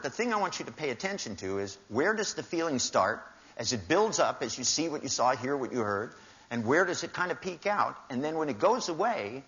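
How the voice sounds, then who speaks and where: A slightly bright, higher-pitched male voice belongs to an older seminar speaker performing for a live audience in a large hall. He shares wry anecdotes and acts out the dialogue with varying voices, heard through a dull, lo-fi live recording.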